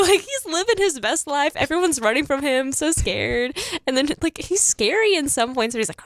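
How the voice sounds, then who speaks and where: A woman's voice: sits high, expressive, normal speed, hardly any pauses, no echo, studio quality. A teenage girl chatting casually about a movie she loved, laughing often and saying "like" constantly.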